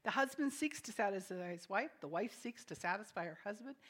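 At a medium pitch, a female preacher speaks directly to her listeners, frequently asking them questions. Strong declarations give way to soft, quiet, self-deprecating remarks, then back again.

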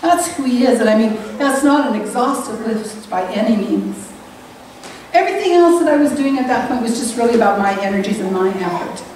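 Woman giving a sermon, earnest and reflective, pitch jumps up on the big points, really echoey, far from the mic. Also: animated, brisk, a little mellow. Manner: earnest, rises high on emphasis, reflective. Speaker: preacher. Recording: roomy echo, distant mic, faint hiss.

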